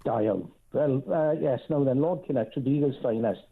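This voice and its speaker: A caller with a South Wales Valleys accent speaks wryly and slowly, pausing often. His middle-pitched voice comes through a thin, tinny phone line. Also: slightly rough. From Rhondda Valley, Wales.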